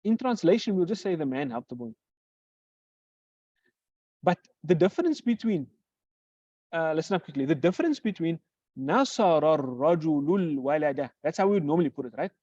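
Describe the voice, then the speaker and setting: A teacher giving a grammar lesson who poses questions and answers them, repeating example phrases slowly. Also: medium pitch, expressive, mellow, dry recording. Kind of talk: classroom lecture. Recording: dull lo-fi recording.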